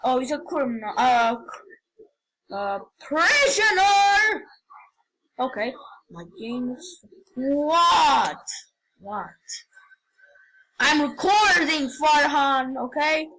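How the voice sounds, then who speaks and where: A woman giving casual, rambling game commentary, excitable and prone to sudden yelps and shouts. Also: high voice, takes it slowly, pauses often, low-quality recording. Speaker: gamer.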